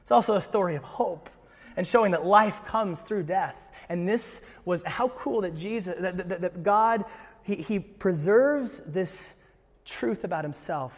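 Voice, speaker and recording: Male pastor, high voice, casual animated sermon delivery, echoing church hall. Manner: conversational, animated storytelling, frequent "right?" asides.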